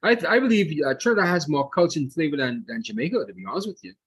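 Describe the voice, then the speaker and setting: Lively, husky-voiced podcast host. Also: mid-range voice, very fast, no room sound. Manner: friendly, encouraging, lots of small affirmations. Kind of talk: casual interview chat.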